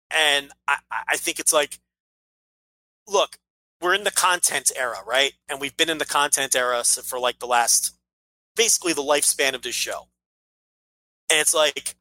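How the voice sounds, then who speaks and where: A man's voice: on the high side, pushed and bright, rough recording. A man co-hosting a casual podcast, opinionated and ranting, swearing freely as he makes his case. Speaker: podcast co-host.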